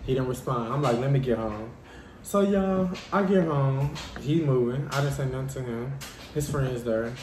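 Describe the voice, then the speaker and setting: Animated storyteller in an echoey room. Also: male voice, mid-range voice, normal speed, slight background noise. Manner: animated, dramatic storytelling addressing viewers as y'all. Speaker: vlogger. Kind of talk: casual storytime vlog.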